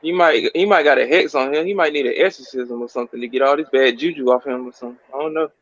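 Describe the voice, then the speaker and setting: A man's voice: medium pitch, fast talker, fairly bright tone, highs cut off. A man on a casual sports panel cracking crude jokes. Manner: jokey, crude wisecracks.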